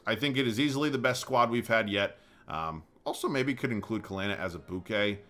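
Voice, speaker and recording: Young man, gaming commentary, low voice, bright edge, calm play-by-play breaking into profane ranting. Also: brisk, soft background music. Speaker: gaming YouTuber. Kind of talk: casual gameplay commentary.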